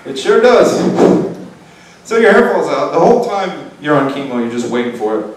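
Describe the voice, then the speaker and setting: Young man doing deadpan stand-up. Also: a little high, moderate pace. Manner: deadpan, self-deprecating. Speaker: stand-up comedian. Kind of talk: stand-up routine. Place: open mic in a restaurant bar. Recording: echoey room, distant mic, background noise.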